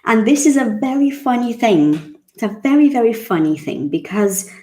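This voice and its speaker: A woman, teaching English in a chatty, casual way and repeating words slowly so they can be drilled. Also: fairly high pitch, big pitch swings, a little mellow. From Brazil. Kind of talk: casual online English lesson.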